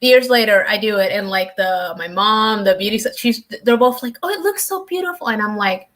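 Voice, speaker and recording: A woman in casual chat, relaxed and talkative, quoting friends and family with a laugh. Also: medium pitch, normal speed.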